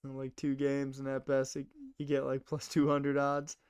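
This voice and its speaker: A man's voice: medium pitch, completely flat delivery, normal speed, darkish tone, clean tone, no echo, clean studio sound. A young man rambling casually to his chat while streaming a game. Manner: rambling, chatty, talks to chat.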